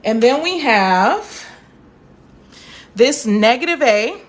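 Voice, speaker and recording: A woman's voice: a little high, expressive, slow. A young woman teaching a live math lesson, chatty and encouraging, stopping to answer viewer comments.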